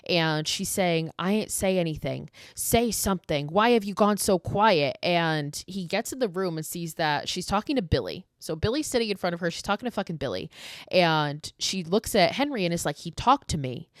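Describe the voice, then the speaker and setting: Casting: woman podcast host, sarcastic and foul-mouthed, lowish voice, dry close sound. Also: dry recording. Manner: profane, sarcastic, storytelling. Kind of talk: casual horror film recap.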